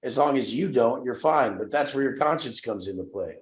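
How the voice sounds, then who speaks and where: A man's voice: medium pitch, lively intonation, brisk, echoey room. A man coaching clients on a call, ranting bluntly and profanely, rambling as he goes.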